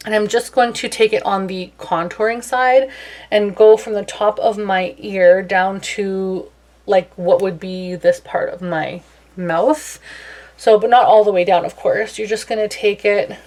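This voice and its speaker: A woman's voice: mid-range voice, steady tone, unhurried, a little mellow. A young woman chatting casually through a makeup tutorial, self-deprecating and talkative. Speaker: beauty vlogger.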